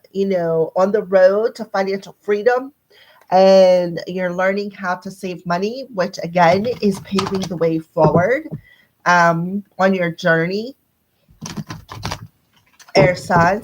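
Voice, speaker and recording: A woman with a squeaky voice giving a casual live-stream tarot reading, chatting straight to her viewers. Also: poor audio. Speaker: tarot and numerology reader.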